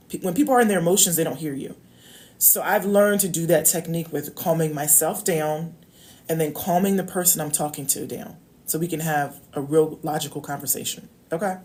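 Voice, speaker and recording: A woman coach speaks in a fairly low voice, with casual advice aimed straight at her viewers. She is chatty and personal, repeats her key points for emphasis and keeps checking in with "okay?". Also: animated, brisk, darkish tone. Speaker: love coach. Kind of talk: casual direct-to-camera advice talk.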